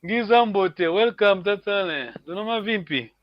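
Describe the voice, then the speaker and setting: A man's voice: sits high, expressive, moderate pace, muffled recording, a crowd in the background. A male language teacher giving an online lesson over a video call, patient and encouraging, often repeating words.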